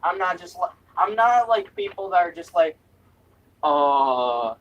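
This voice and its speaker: A young adult live streamer at home, chatting playfully with goofy noises and sudden loud outbursts. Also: medium pitch, lively intonation, a little slow, recorded from a distance, low-quality recording. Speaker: live streamer reviewing snacks. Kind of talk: silly, rambling live-stream chat. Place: indoors at home, other people upstairs.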